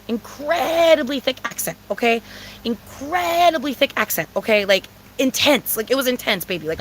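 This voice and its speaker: A woman's voice: on the high side, poor audio. A woman telling a storytime rant in casual, blunt, profane talk, repeating herself for emphasis. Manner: profane, blunt and repetitive, with lots of fillers; animated, with sudden loud outbursts.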